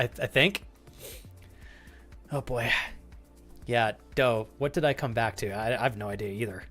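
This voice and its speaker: A man's voice: medium pitch, a bit bright. Playful man chatting on a live stream. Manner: playful, laughs often, mock-indignant. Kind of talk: casual live-stream chat reading viewer messages.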